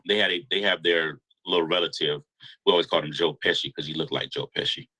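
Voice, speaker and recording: A man telling a long story in a casual interview, animated and slangy. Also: extremely low pitch, fast talker, slightly rough, rough recording. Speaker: guest storyteller.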